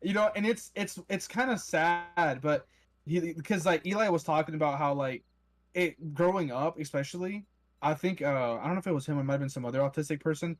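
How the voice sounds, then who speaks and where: A man's voice: a little high, fairly quick, no room sound. A young man in casual, profane, laughing banter with friends while gaming.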